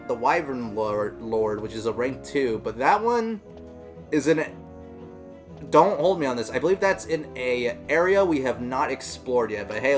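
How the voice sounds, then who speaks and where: A man giving casual, rambling let's-play commentary, full of fillers and self-corrections. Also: mid-range voice. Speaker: gameplay commentator.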